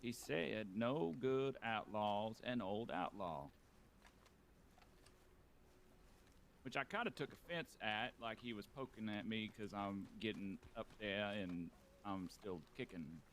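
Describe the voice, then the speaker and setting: A man voicing a weary, reflective aging outlaw in a western roleplay game. He muses in halting speech with many restarts. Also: fairly low pitch, fairly bright tone, a little hiss or hum. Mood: uneasy. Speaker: roleplay player.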